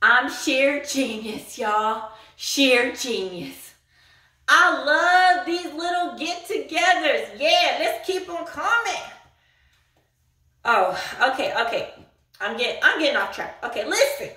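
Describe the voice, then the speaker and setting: A woman's voice: high-pitched, animated, takes it slowly, sharp tone, reverberant, recorded from a distance, voice pushed down, full character voice. A woman doing a mocking impression of a real activist in a parody monologue, drawling with sing-song fake crying and lots of "y'all.". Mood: smug boasting. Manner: drawling, says y'all a lot.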